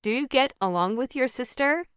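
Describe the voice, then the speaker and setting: A woman reading a scripted practice conversation in a slow, evenly paced, carefully articulated way. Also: high voice, expressive, clear, resonant tone, no echo. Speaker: English practice dialogue voice.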